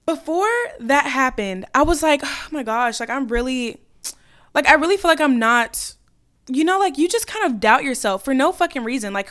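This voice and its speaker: A woman's voice: high voice, a bit bright. A young woman hosting a podcast, chatting casually and animatedly in a scattered, swear-laced way. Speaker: podcast host. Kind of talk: casual solo podcast chat.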